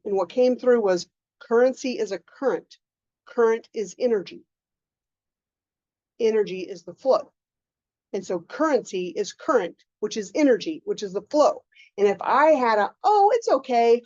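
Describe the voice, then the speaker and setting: A woman coaching a group in a casual lecture, animated, often acting out her own inner voices. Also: mid-range voice, no echo, lo-fi sound. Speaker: mindset coach.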